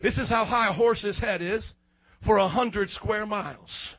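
A man, a youth pastor preaching a fiery sermon to his congregation, breaking into shouted, sing-song outbursts. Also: high-pitched, unhurried, lo-fi sound. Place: church hall before a youth congregation.

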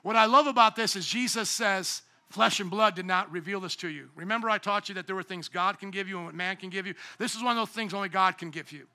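A male pastor preaching a sermon in an animated way, acting out quoted lines with a raised voice. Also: sits high, fast talker, few pauses.

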